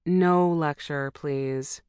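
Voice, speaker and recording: A stubborn young heroine who defends herself with a sulky edge, as a woman reads her lines. The voice is low for a woman. The sound is dry and close. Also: steady tone, drawn-out words, a little mellow, clear, resonant tone, no room sound. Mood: defensive. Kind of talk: audiobook dialogue.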